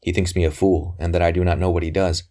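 A man's voice: sits low, flat delivery, quick pace, dark tone, close to an everyday voice. A man reading aloud voices an old, secretive physician who speaks tersely and suspiciously. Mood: scornful. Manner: terse, suspicious, flaring into scorn. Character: old wary male physician, fierce and secretive. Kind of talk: audiobook character reading.

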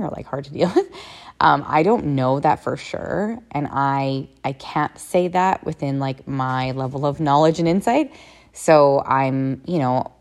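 Deep-voiced woman with a gravelly edge. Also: darkish tone. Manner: candid, rambling, swears freely. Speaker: podcast host. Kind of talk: personal reflective monologue.

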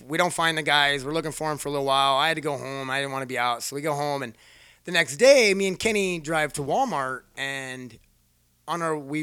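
A man's voice: fairly high pitch, pushed and bright, clean tone, dry recording, clean studio sound. Swearing man telling a rowdy story. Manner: profane, rambling, self-mocking. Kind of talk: casual personal storytelling.

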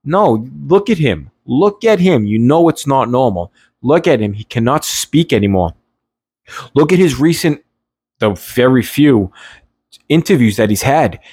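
An adult podcast host with nieces and a nephew delivers an unscripted solo political rant on his own show, blunt, profane, rambling, and full of restarts. His mid-range voice is expressive, unhurried, a little mellow, and husky, recorded at studio quality with no room sound.

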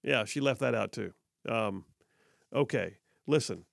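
A man's voice: mid-range voice, measured pace, creaky, no echo, clean studio sound. A man hosting a talk radio show, delivering an emphatic, sarcastic opinion monologue that repeats for effect.

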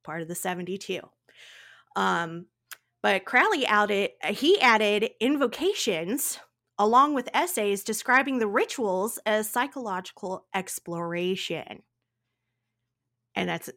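Woman podcast co-host, casual chat, animated, playful, dramatic asides, middle-range voice. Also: mid-range voice.

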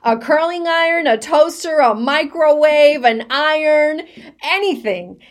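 A woman co-hosting a podcast, telling a story in lively casual chat and mixing in Spanish words. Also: sits high, a little slow. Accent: Latina, Spanglish mix. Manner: animated, shouts and mixes in Spanish words. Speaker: podcast co-host.

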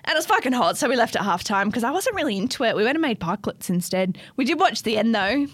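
Lively Australian woman, high and bright. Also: fast talker, breathy edge, no echo. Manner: animated storytelling, frequent laughing, swears. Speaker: podcast co-host. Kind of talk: casual chat.

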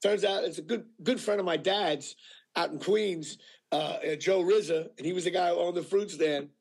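A male actor telling anecdotes in a casual interview, animated and full of fillers, acting out what people said. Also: high voice, normal speed, vocal fry, husky. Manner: animated storyteller with many fillers, acting out quotes. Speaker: actor guest.

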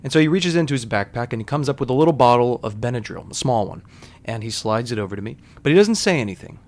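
Wry storytelling man, mid-pitched. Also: animated, quick pace, a little mellow. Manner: candid, wry, conversational with profanity. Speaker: podcast host. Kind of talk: storytelling monologue.

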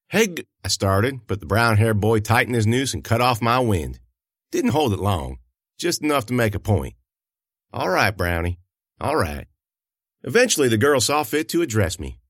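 A man's voice: mid-range voice, dry recording, clean studio sound. A man giving a folksy, first-person audiobook narration. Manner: folksy, lively storytelling.

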